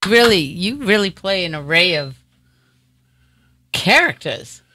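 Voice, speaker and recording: A woman's voice: on the low side, very animated, takes it slowly, pushed and bright, dry recording. A woman hosting a talk show, chatting casually with a guest in a rambling way with many fillers. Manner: chatty, rambling, lots of "you know". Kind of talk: casual interview chat.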